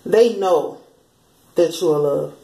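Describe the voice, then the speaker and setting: A woman with a fairly low, creaky, warm voice speaks slowly in an echoey room, and the recording is rough. She chats casually while relaying channeled spiritual messages, laughing often and slipping into sung lines and quoted voices.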